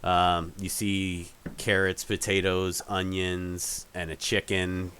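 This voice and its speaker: Low-voiced man narrating a tabletop game. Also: completely flat delivery, slow pace, fairly bright tone, a little hiss or hum. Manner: rambling, with many fillers and restarts. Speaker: game master.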